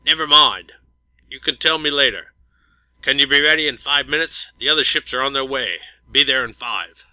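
A man voicing a brisk male starship commander with an English accent, talking in clipped, upbeat radio bursts. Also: medium pitch, pushed and bright, no room sound, pitched above the performer's own voice, rough recording. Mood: urgent.

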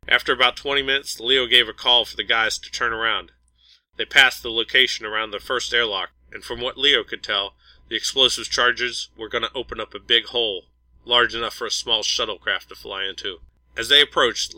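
A man narrating an audiobook in a steady, even storytelling manner. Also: medium pitch, no echo, poor audio.

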